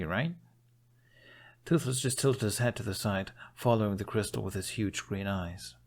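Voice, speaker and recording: Male narrator for a fan audiobook, steady and measured, gravelly tone. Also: low-pitched.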